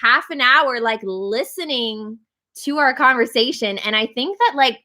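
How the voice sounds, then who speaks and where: A woman's voice: a little high, expressive, unhurried, bright, forceful tone. A woman telling a story in a casual livestream chat, full of fillers. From Canada. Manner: chatty storyteller, many "like" fillers. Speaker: band member hosting a livestream chat.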